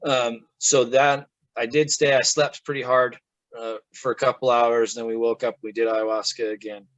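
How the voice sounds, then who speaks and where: A man speaking as an interview guest, telling a personal story in a casual, animated way and acting out the quoted lines. His voice sits at a middle pitch, recorded dry with no room echo. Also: moderate pace, highs cut off. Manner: animated, acts out quoted speech.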